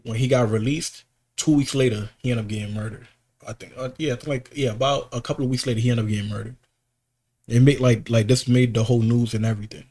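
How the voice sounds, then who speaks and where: Podcast co-host, male, mid-pitched, casual and animated, slangy storyteller. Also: fast talker. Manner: animated storytelling, swearing, slang, voice jumps up when worked up.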